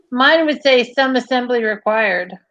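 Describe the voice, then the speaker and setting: A woman chatting casually with friends, enthusiastic and quick to laugh. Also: a little high, a bit bright, dull audio. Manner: enthusiastic, giggly, laughs often. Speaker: friend in group chat. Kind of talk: casual chat.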